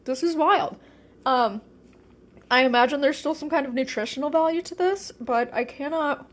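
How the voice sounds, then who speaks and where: Chatty woman thinking out loud. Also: sits high, normal speed. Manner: chatty, thinking aloud, filler-heavy. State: talking with her mouth full. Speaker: podcast host. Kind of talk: casual solo chat.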